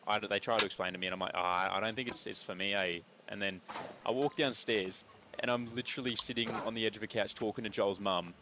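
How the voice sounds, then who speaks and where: A man's voice: lowish voice, steady tone, fast talker. Rambling Australian guy, noisy stream. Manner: rambling, swears often, fills with "like". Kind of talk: casual storytelling chat.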